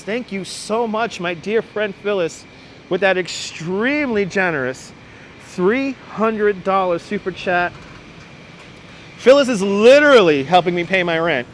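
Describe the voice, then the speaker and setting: A man's voice: high voice, lively intonation, a little slow, a little hiss or hum. A man hosting a walking livestream on city streets, thanking viewers over and over in an effusive way. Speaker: livestream host. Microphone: wireless clip-on mic.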